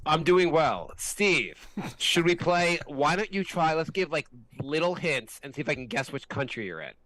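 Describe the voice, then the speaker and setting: A man's voice: fairly high pitch, sing-song, normal speed, a bit bright, dry recording. A man co-hosting a casual comedy podcast, rambling and hesitant with lots of ums. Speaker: co-host.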